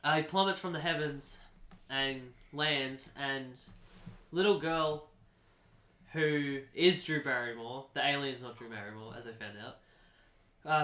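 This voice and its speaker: Young man, deadpan podcast co-host, rambly, bright voice, echoey room. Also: fairly high pitch. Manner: rambling, deadpan improvised storytelling. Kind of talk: casual comedic chat.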